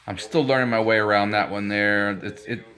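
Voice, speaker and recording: A man's voice: fairly low pitch, fairly even intonation, moderate pace, fairly bright tone. A man in his fifties chatting casually to his channel, rambling with lots of fillers and restarts. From United States. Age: 50s. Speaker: vlogger. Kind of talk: casual chat.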